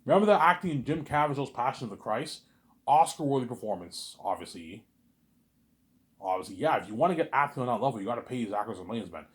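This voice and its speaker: A man rambling in a casual monologue, animated and repetitive, arguing with an imagined listener. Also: medium pitch, quick pace. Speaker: vlogger.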